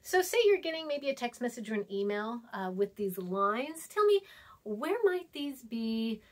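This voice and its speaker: Casual woman teacher, chatty and playful, slightly high-pitched, acts out examples. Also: expressive, normal speed. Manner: chatty, acts out texts in voices; writes on a board while talking. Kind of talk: casual classroom lesson.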